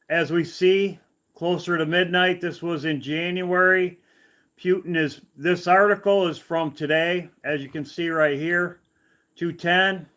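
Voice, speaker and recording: A man hosts a casual online livestream, greeting his viewers one by one. His voice sits a little high. He talks slowly and haltingly, repeating phrases and filling gaps with "uh". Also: a bit bright. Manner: slow, halting, repeats himself with fillers. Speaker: online video host.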